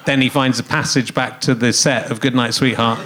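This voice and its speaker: A middle-aged man hosting a live comedy interview, riffing in quick jokey rants. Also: medium pitch, steady tone, noisy background. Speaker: comedy podcast host. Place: live theatre stage.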